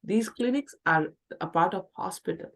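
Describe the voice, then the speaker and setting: A middle-aged woman lecturing a class in a slightly low voice. She explains care work and acts out short lines from patients and support workers as examples. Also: normal speed, creaky, a bit bright.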